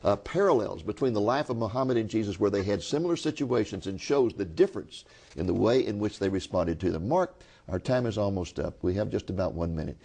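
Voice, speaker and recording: A man hosts a TV interview show, turning to the audience with a folksy "folks" and retelling stories. His voice is low and warm, and he talks in an easy, conversational way. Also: lively intonation, brisk, gravelly. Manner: folksy, addresses viewers directly. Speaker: TV host. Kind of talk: interviewing and storytelling to viewers.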